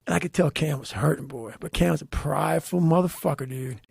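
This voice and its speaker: Gravelly, husky man swearing forcefully. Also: fairly high pitch, fast talker, few pauses, no echo, studio quality. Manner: heavy profanity, forceful and emphatic. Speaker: podcast guest. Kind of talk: intense motivational storytelling.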